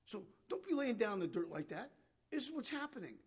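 A man's voice: sits high, sing-song, fairly quick, slightly rough. A man giving conversational Bible teaching, questioning his listeners and paraphrasing scripture. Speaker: preacher.

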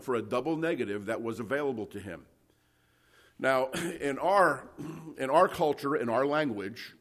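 A male preacher working verse by verse through scripture in an ordinary mid-range voice. He talks emphatically, stammers through restarts and keeps clearing his throat. He often stops to check in with his listeners with "okay?" and "you see.". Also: medium pitch. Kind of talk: expository Bible teaching.

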